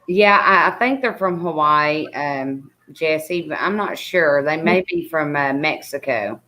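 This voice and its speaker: A woman with a Southern American accent chats casually on a livestream, speaking over a video call. Her voice sits low for a woman, and she rambles, filling her talk with lots of ums and likes. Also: expressive, unhurried, bright, forceful tone. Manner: chatty, rambling with many fillers. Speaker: guest co-host on a livestream. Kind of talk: casual chat.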